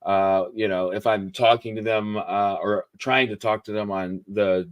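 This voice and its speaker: A man hosting a casual live-stream chat, talking in an upbeat, rambling way with many pauses and fillers. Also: fairly low pitch, fairly even intonation. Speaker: host.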